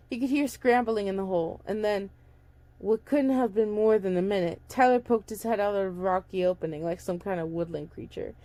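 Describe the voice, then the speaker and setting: Reading fairly quickly in a warm, medium-pitched voice with no room sound, a young woman casually narrates a story. She stumbles and restarts now and then, breaking away for conversational remarks like an informal audiobook reader.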